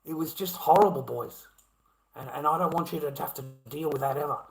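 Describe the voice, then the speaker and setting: A man's voice: on the high side, a little fast, creaky, rough recording. An Australian man talking to camera in a rambling, repetitive monologue, swearing heavily. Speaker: vlogger.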